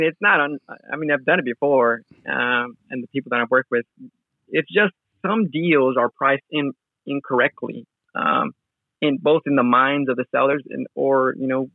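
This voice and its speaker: A man's voice: mid-range voice, vocal fry, dry recording. A man, a real estate wholesaler, telling a story in a casual interview with many fillers and restarts. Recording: tinny phone-like sound.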